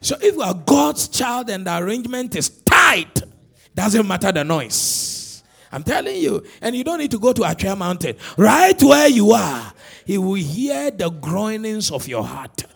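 A man preaching a sermon as pastor, animated and repetitive, swinging between shouts and low murmurs. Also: moderate pace, creaky, slightly rough. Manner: repeats words for emphasis.

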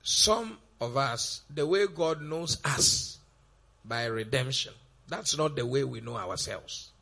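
A man preaching a sermon, firing off rhetorical questions in a gravelly, raspy voice. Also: mid-range voice, animated, slow pace, bright, forceful tone.

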